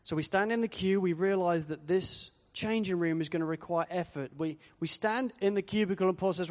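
A pastor delivers a sermon in a fairly high voice. He is animated and acts out quoted voices along the way. The sound carries the long echo of a hall. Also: fairly quick, few pauses.

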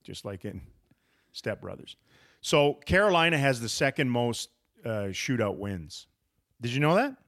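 Podcast host, male, mid-pitched, wry and teasing, loose rambling delivery. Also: big pitch swings, measured pace, a bit bright. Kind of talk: casual sports podcast chat.

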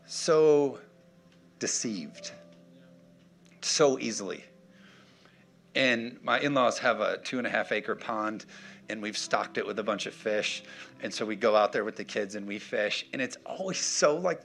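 A man's voice: mid-range voice, vocal fry, fairly bright tone. A man preaching a sermon, emphatic and punchy, checking in with his congregation. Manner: emphatic, punchy, call-and-response. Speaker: pastor.

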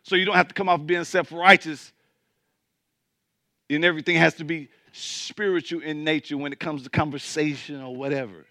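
High-pitched preacher man joking with his congregation, dry sound, no room echo. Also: steady tone, moderate pace, sharp tone. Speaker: pastor. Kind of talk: sermon.

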